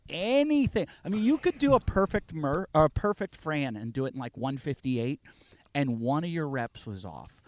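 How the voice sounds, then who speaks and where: Animated man telling a story. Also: on the high side, normal speed, dry recording. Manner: animated, acts out quotes with swings in volume. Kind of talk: casual storytelling chat.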